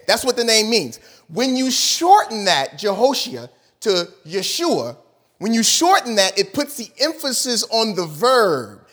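A man's voice: high-pitched, a bit bright. A male pastor preaching a sermon, emphatic, repeating key words and putting questions to his congregation.

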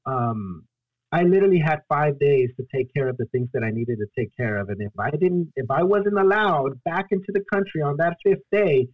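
Young man from Guatemala, earnest storyteller, halting delivery, husky, dry tinny phone-line sound. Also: on the high side, lively intonation, dry recording. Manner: earnest, halting, acts out his own past pleas and quotes. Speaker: storyteller and solo performer guest. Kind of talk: emotional personal storytelling in a podcast interview.

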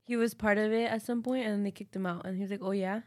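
A woman's voice: medium pitch, fairly even intonation, quick pace. A woman co-hosting a podcast, chatting casually, laughing often and swearing. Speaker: podcast co-host. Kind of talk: casual chat.

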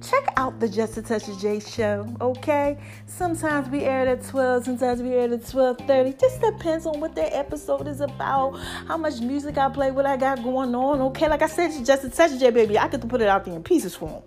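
A middle-aged woman hosting her podcast, talking in an animated, preachy way and a little out of breath. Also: sits high, brisk, faint music behind. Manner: animated, preachy, hypes her shows, calls listeners y'all and baby. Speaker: podcast host. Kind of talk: casual monologue to listeners.

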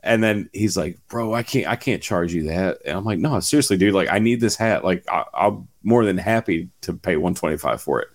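A man's voice: low-pitched, moderate pace, hardly any pauses. A man telling a long casual story in a chat, full of fillers and swearing.

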